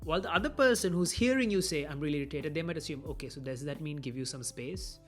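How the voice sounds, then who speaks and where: A man gives communication advice in a relaxed, conversational way. He slips into the voices of the people he quotes. Soft music plays faintly behind him. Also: a little high, fast talker. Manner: conversational, acts out quoted dialogue. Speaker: communication trainer. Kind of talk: casual motivational talk.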